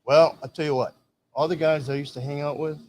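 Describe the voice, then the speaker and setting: A man's voice: a little high, steady tone, fairly quick, darkish tone, slight background noise. An older man from Michigan, a veteran telling rambling stories and acting out quoted dialogue in casual chat. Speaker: veteran guest. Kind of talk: casual storytelling.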